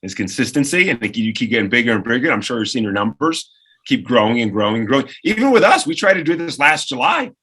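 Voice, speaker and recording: Bright-voiced, animated man. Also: mid-range voice, fast, slightly rough. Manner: animated storyteller who acts out quoted voices. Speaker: radio co-host and producer, podcast guest. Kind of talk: lively anecdote-telling in conversation.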